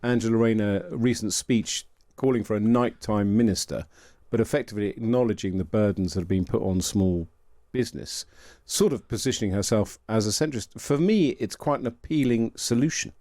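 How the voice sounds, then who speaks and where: A man's voice: on the low side, a little fast, mellow, dry recording, clean studio sound. A man hosting a radio talk show, chatting conversationally with a guest, agreeing readily and dropping in small fillers. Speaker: radio host. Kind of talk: radio political discussion. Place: radio studio. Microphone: studio microphone.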